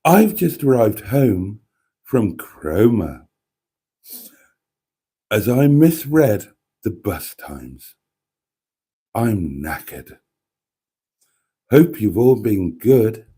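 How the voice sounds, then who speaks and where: A man putting on the voice of a sultry, posh woman, speaking slowly in a drawn-out, breathy way. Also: fairly low pitch, sing-song, warm tone, full character voice. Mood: sultry, weary.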